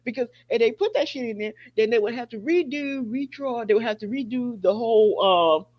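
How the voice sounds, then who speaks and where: A woman's voice: a little high, lively intonation, brisk. A woman hosting a podcast, talking in a casual, profane way and laughing often. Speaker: podcast host. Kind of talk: casual commentary. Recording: dull lo-fi sound.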